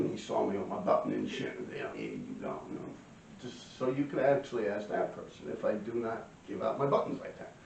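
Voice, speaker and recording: A middle-aged man tells a street story in a casual, profane, animated way, often clearing his throat. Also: fairly low pitch, a little fast, slight background noise. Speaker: graffiti writer telling a story. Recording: roomy, distant, dull lo-fi mic.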